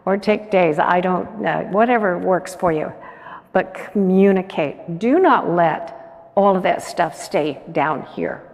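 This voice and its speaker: A woman's voice: fairly low pitch, slow, vocal fry. A woman giving a motivational conference talk, earnest and coaxing, often putting questions to the audience. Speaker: conference keynote speaker. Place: large conference hall. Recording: echoey conference hall.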